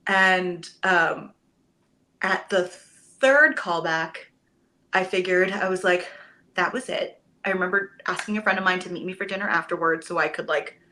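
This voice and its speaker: A young woman, a stage actress, telling a story in a relaxed interview and acting out the things she and others said. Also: fairly low pitch, normal speed, a little hiss or hum. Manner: animated, quotes herself with lively voice shifts. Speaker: podcast guest, Broadway actress.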